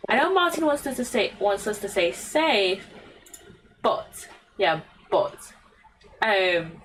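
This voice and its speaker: A woman's voice: mid-range voice, big pitch swings, takes it slowly, fairly bright tone, a little hiss or hum, poor audio. A British woman streamer giving casual, chatty let's-play commentary, often giggling.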